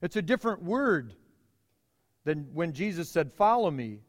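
A middle-aged male pastor preaching a sermon, emphatic, with dramatic pauses and repeated phrases. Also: a little high, very animated, in a large hall.

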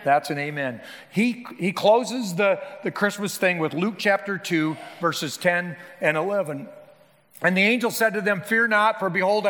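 A middle-aged male pastor delivers an earnest sermon in a church sanctuary, swelling into emphatic appeals. His voice sits high for a man. The sound carries a long reverb from the hall. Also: fairly bright tone.

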